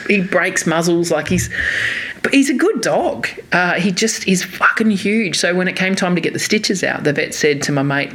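A person telling a rambling story as a podcast co-host, animated, swearing freely and laughing often. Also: medium pitch, normal speed. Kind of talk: casual chat, anecdote telling.

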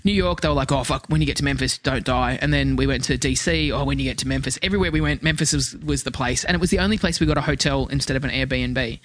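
An Australian woman telling a lively, sweary story as a podcast guest. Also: extremely low pitch, fast, hardly any pauses. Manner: swears freely, animated anecdote-telling. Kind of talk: casual chat, storytelling.

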